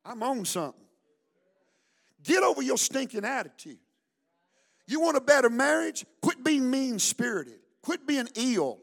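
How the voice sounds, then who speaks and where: Preacher guy with a really high voice, fiery church sermon, shouts and gets folks to answer back. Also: sing-song, unhurried, vocal fry, long pauses. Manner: fiery call-and-response preaching, shouting and chanting. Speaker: pastor. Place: church service.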